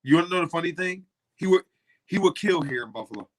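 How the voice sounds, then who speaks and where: A man's voice: high voice, lively intonation, fast, a bit bright. A male co-host in casual sports talk, laid-back and explaining his points. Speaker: podcast co-host.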